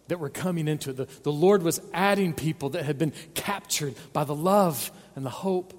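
Earnest male pastor in a reverberant hall. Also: mid-range voice. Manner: earnest, pleading, emphatic with repeated words. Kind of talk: sermon. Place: church sanctuary.

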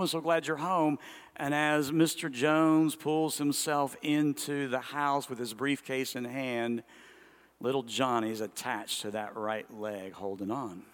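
A man preaching a sermon as a pastor, swinging between loud and soft and slowing down for emphasis. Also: medium pitch.

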